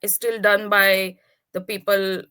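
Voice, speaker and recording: A woman serving as moderator and reading audience questions politely and a little hesitantly, with many fillers. Her voice is bright and crisp, and her pitch stays fairly flat. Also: slow. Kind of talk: conversational Q&A.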